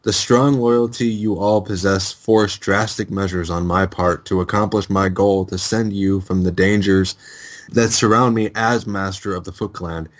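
A man voicing Splinter, an old male rat sensei, reading his lines in a formal, measured way. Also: sits low, fairly even intonation, close to an everyday voice. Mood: grave.

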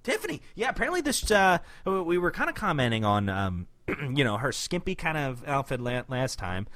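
A man co-hosting a casual chat, animated, laughing often and slipping into silly character voices. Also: on the high side, normal speed. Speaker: podcast co-host recapping a cartoon.

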